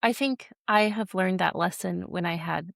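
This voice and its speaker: A woman's voice: lowish voice, normal speed, gravelly, fairly bright tone, dry recording, clean studio sound. A woman hosting an interview, attentive, asking questions and offering affirming interjections. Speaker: host.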